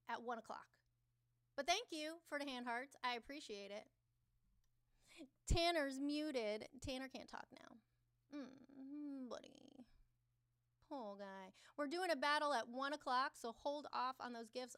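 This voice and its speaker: A woman hosting a casual livestream with a voice pitched a bit high. She talks straight to her viewers, teasing them, answering the chat aloud and swearing without a second thought. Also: fairly bright tone, clear, resonant tone. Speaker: livestream host.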